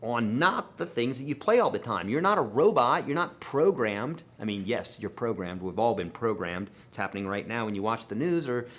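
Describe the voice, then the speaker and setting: Animated man answering guitar questions. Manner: animated and emphatic, with sudden swings in loudness and pitch; talks straight to viewers as friends and folks. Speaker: guitar teacher hosting a live Q&A. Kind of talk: casual live Q&A, answering viewer questions.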